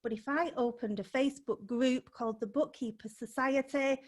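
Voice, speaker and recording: A woman's voice: sits high, fairly even intonation, normal speed. A woman business coach, a guest on a podcast interview, talking unscripted in an upbeat way, laughing between points and stressing key words.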